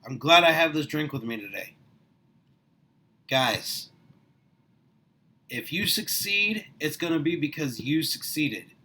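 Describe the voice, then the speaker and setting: Middle aged guy pumping up his business on a vlog, high voice, gets louder the more excited he gets. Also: takes it slowly, pauses often, low-quality recording. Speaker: small business owner recruiting for network marketing. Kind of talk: motivational vlog monologue.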